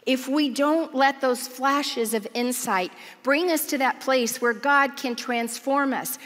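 A woman preacher giving a sermon, telling a story in an animated, earnest way. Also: a little high, long reverb tail. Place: large church auditorium.

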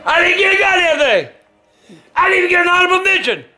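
An older man who yells and curses at a video game he is playing, ranting in angry outbursts. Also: very high-pitched, very animated, fast talker, reverberant, soft background music. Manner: cursing, yelling and ranting.

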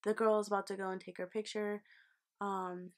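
A woman's voice: mid-range voice, little pitch movement, a little fast. A young woman telling a long casual storytime vlog, chatty and full of fillers, laughs and swearing. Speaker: vlogger.

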